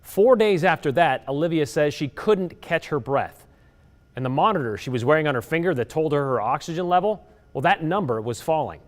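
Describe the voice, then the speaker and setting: A man working as a TV news reporter, presenting figures and asking interview questions in a measured, clear delivery. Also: on the high side, animated.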